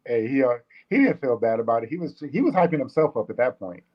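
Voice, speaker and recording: A man on a casual podcast panel who speaks in a measured way, with many fillers and repeats. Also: medium pitch, sing-song, lo-fi sound. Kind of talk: casual debate among friends.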